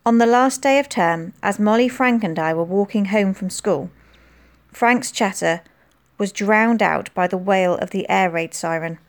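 A woman narrates a children's novel aloud with lively, expressive delivery. Her pitch sits in an ordinary middle range, and she shifts it up for dialogue. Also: a little slow. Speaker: audiobook narrator.

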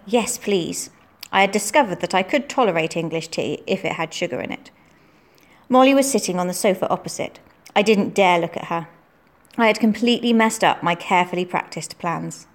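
A woman narrating a storybook in a steady, clear reading voice. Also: on the low side, a little fast.

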